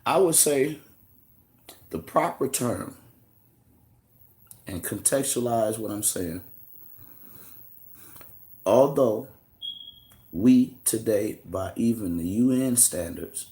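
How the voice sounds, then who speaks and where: A relaxed American man runs a live stream, calling out viewers by name and taking their questions as they come in. He talks in a casual, slangy, unhurried way, and his voice sits a little low. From United States. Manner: loose and conversational, greets chatters by name, slangy asides. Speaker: livestream host answering viewer questions.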